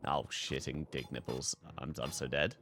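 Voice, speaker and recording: A man's voice: rumbling low, steady tone, moderate pace, a bit bright, faint music behind. A young man streaming a game, chatting casually, swearing freely and breaking into laughter. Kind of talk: live gameplay commentary.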